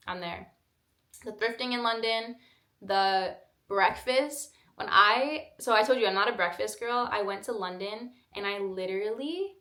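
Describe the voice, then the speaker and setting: A woman's voice: medium pitch, pushed and bright. A young woman in her twenties chatting casually through a Q&A vlog, rambling with lots of fillers. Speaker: vlogger. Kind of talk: casual Q&A chat. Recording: echoey room.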